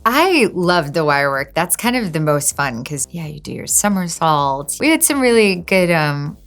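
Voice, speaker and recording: Low gravelly woman chatting, laughing easily. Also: big pitch swings, measured pace, fairly bright tone, soft background music. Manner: laughs often, light and chatty. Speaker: actor interviewed as guest. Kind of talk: casual chat.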